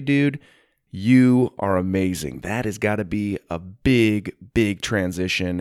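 A man's voice: lowish voice, dry recording, clean studio sound. A man hosting and narrating a children's story podcast, upbeat and friendly. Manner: upbeat and friendly, shouting out listeners.

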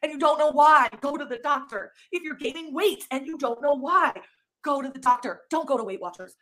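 A woman speaking in a vlog confession, passionate and upset. Her voice sits high and sounds bright and tense. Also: a little fast.

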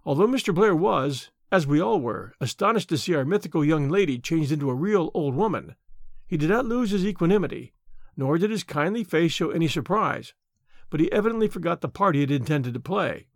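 A man narrating a story podcast in an expressive storytelling manner. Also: fairly high pitch, brisk, no echo, studio quality. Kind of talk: scripted audiobook narration.

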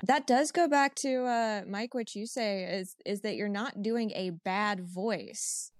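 A woman with a mid-range voice jokes and enthuses in relaxed podcast talk. Her recording is close and dry. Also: medium pitch, no room sound. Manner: quick-witted, punning, enthusiastic. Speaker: podcast co-host. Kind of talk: casual chat.

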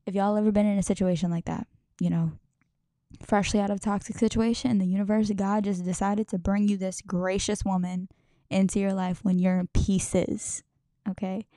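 With a warm, mid-range voice and a flat delivery at normal speed, a young podcast host talks through a casual monologue. The studio recording is clean and dry, and she rambles emotionally, laughing and cursing frequently.

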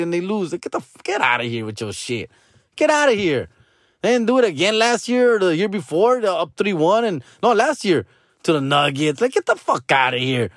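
Recorded dry and at studio quality, a fairly high-pitched male voice belongs to a sports fan vlogger from Los Angeles. His casual ranting monologue to the camera is slangy and profane, and he keeps calling the listener "dog" or "fool."

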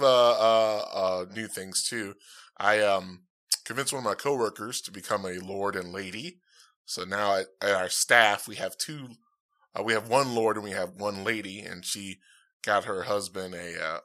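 Upbeat podcast host with a bright voice. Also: male voice, lowish voice. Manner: rambling, upbeat, lots of fillers. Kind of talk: casual solo podcast chat. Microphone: dynamic podcast mic.

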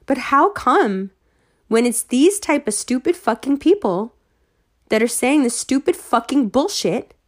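A woman ranting to her followers, heated and sarcastic, swearing freely and at times rising almost to shouting. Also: high-pitched. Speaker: online commentator.

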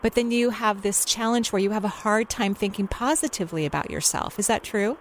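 A woman's voice: medium pitch, slight background noise. Encouraging woman giving spiritual advice. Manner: soothing, encouraging, unhurried with many fillers. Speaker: intuitive radio show host giving readings. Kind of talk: call-in radio advice.

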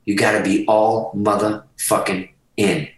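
A middle-aged man tells a story with heavy, emphatic profanity. His voice sits fairly low, and it rings in a roomy space picked up from some distance off the mic. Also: little pitch movement, unhurried. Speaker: podcast guest. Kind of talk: casual storytelling.

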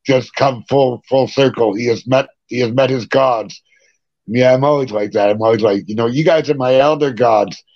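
A middle-aged man, a punk rock singer, telling stories as a podcast guest in a casual, animated way, swearing and laughing between anecdotes. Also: medium pitch, no echo. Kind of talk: casual interview storytelling. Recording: dry, dull lo-fi sound.

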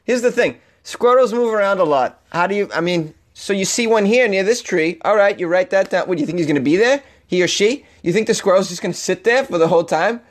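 A man's voice: high-pitched, fairly quick. A man with a Boston accent hosting a comic news show, sarcastic and chuckling as he riffs, often tripping over his words. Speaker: podcast host.

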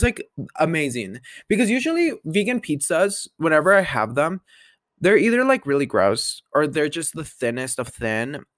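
A man's voice: mid-range voice, dry recording, studio quality. A young man hosting a casual solo podcast, chatty and bubbly, rambling with playful asides. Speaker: podcast host. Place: bedroom with the window open.

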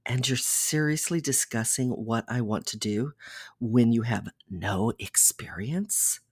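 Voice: mid-range voice, takes it slowly, breathy edge, no echo, clean studio sound. A reader voicing an intense, controlling young man. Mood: exasperated.

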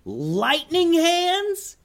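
A man voicing an excitable young hero, shouting in a high squeaky voice and stretching his words out. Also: drawn-out words, vocal fry, exaggerated voice. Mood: thrilled.

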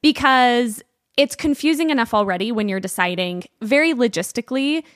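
A woman's voice: fairly high pitch, expressive, normal speed, no room sound. Reflective woman host, dry close sound. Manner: reflective, affirming, asks gentle questions. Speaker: podcast host. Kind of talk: empathetic interviewing.

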